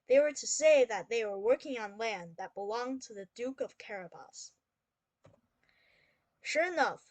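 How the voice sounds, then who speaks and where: Female storyteller-teacher, unhurried, close and dry, patient read-aloud. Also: a little high, no room sound. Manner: slow, clear, explains then reads aloud. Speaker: English teacher reading a story.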